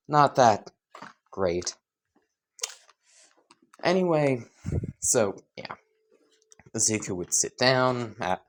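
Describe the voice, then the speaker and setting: A woman casually narrating a fan story, rambling, laughing and swearing freely. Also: a bass voice.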